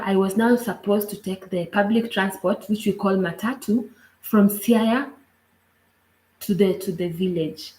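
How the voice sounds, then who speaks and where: A Kenyan woman tells a personal story in an earnest, halting way, often pausing on little asides. Her voice sits at a middle pitch. The room around her has a noticeable echo. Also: dark tone. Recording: roomy echo.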